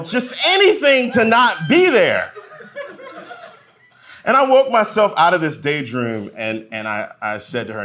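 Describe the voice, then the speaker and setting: A stand-up comedian works a club crowd live, his high-sitting voice alternating between booming punchlines and hushed, muttered asides.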